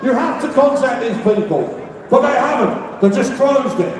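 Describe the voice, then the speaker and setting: A middle-aged man with a London accent holds forth at a public rally, rambling between asides and shouted demands. His voice sits very high for a man. He is picked up from a distance, with a long echo and a faint crowd murmuring behind him. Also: animated, normal speed. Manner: rambling, shouts out demands, leads call-and-response. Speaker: activist speaker at a rally. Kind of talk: rally speech. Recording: echoey, distant, with crowd noise. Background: faint crowd and ambient noise.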